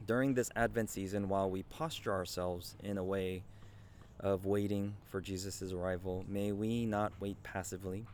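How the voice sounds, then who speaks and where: Earnest male pastor with a lowish voice. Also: steady tone, moderate pace, darkish tone, a little hiss or hum. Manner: earnest, conversational, with frequent "right?" asides. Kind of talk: sermon.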